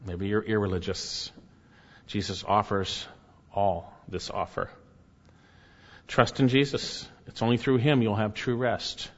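A man's voice: fairly low pitch, fairly even intonation, unhurried, long pauses. A man preaching an expository sermon, earnest and emphatic, pressing his points with rising and falling intensity. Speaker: pastor. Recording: muffled, with long hall reverb.

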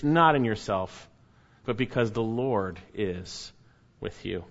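An earnest man preaching a sermon and reading scripture aloud. His voice is of middle pitch, and he swings between raised emphatic lines and quiet, low ones. The recording is slightly dull and lo-fi. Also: expressive, normal speed. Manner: earnest, rising emphatic then dropping soft and low.

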